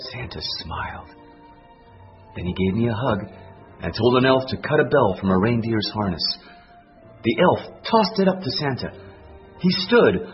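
A man narrating a children's Christmas story aloud in an expressive, storybook style. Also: lowish voice. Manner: expressive, animated reading. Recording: dull lo-fi recording, faint music.

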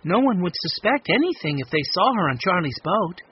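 A man reading an audiobook, voicing a calm, thoughtful older boy. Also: high-pitched, fairly quick, highs cut off, slight background noise, voice pushed up.

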